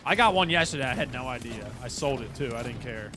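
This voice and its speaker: A man hosting a casual live game stream, chatting with viewers and greeting them by name, with excitable bursts. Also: mid-range voice, fast, background noise. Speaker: livestream host. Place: at work, indoors.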